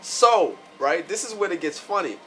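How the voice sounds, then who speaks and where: A man's voice: high voice, sing-song, moderate pace, fairly bright tone, soft background music, poor audio. A man hosting a reaction video, telling a story casually with many fillers and asides. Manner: rambling, lots of "right?" and "like".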